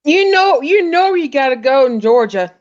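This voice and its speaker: A woman from Alabama with a Southern accent chats on a livestream in a frank, blunt, talkative way. Her voice is on the high side, and the audio comes through dull and muffled. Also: expressive, moderate pace. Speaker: livestream co-host. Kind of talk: casual livestream chat.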